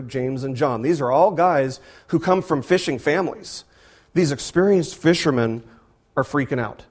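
A pastor preaching a sermon, animated and full of rhetorical questions, often repeating words as he goes. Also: medium pitch.

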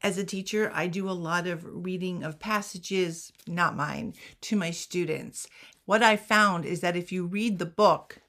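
A woman's voice: on the low side, unhurried, fairly bright tone, soft background music. A woman who is an author and teacher, giving casual advice in a vlog with chatty, self-deprecating humor.

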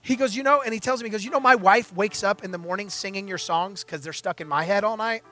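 A young man delivers a storytelling sermon, acting out each person's lines as he goes. His voice sits high and comes across bright and forceful. Soft music plays faintly under him. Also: quick pace. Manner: animated storyteller acting out dialogue. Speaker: pastor.

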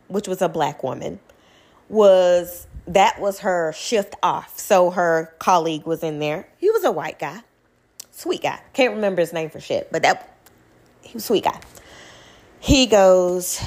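A young woman, telling a personal story to her viewers in a blunt, animated way, swearing freely. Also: mid-range voice, moderate pace.

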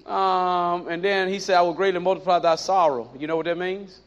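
A man preaching a sermon, animated and repetitive, with playful asides. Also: high-pitched, fairly quick. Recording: dull lo-fi recording.

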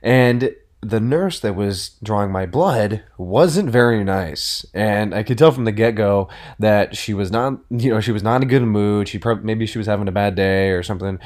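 A man's voice: on the low side, normal speed, hardly any pauses, darkish tone. Young man rambling through a story. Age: 20s. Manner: rambling, many fillers and restarts, acts out quoted dialogue. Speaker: podcast host. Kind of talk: casual storytelling monologue.

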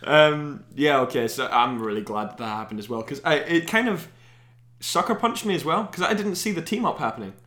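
A man's voice: a little high, animated, brisk, fairly bright tone. Laid-back man in an echoey room. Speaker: podcast co-host. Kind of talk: casual chat.

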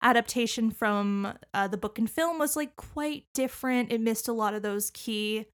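A young woman chats casually as a podcast co-host. She talks in an animated way, with lots of fillers and frequent laughs. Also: on the high side, moderate pace. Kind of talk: casual chat about musicals.

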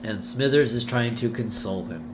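A man's voice: medium pitch, expressive, moderate pace, background noise. A man co-hosting a podcast, recapping a cartoon episode in casual chat and retelling scenes eagerly. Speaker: podcast co-host.

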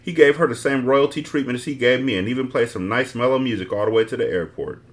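A man's voice: medium pitch, quick pace. A man hosting a book podcast, reading a novel aloud with blunt, profane asides. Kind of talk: casual book reading with commentary.

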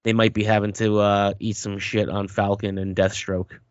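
A man with a somewhat low voice talks in loose, teasing podcast banter, swearing freely. The sound is dry and a little dull. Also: little pitch movement, moderate pace, clean tone, no echo. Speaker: podcast co-host. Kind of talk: casual chat.

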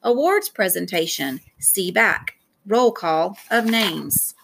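A woman narrating an audiobook in a plain, even storytelling voice. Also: mid-range voice, slow, creaky, husky. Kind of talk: scripted narration.

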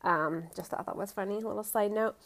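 A woman's voice: medium pitch, fast talker, creaky, fairly bright tone. A woman recapping a reality TV reunion in casual chat, opinionated and full of fillers. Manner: chatty, opinionated, many fillers like "um" and "you know".

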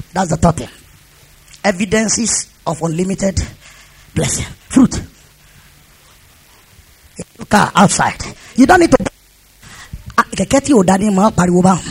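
A man's voice: high-pitched, gravelly, slight background noise. A man preaching a sermon, repeating phrases and leading the congregation in call-and-response. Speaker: pastor.

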